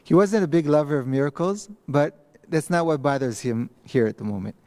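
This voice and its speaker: A man, giving a recorded text lecture in an empty study hall, speaking thoughtfully with pauses and restarts. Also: fairly high pitch, mellow. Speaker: rabbi teaching a text class. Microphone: microphone.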